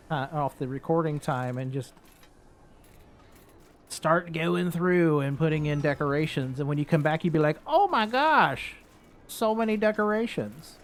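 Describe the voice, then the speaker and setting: A man giving casual let's-play commentary, relaxed and thinking aloud as he builds in a game. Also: fairly high pitch. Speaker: gaming YouTuber.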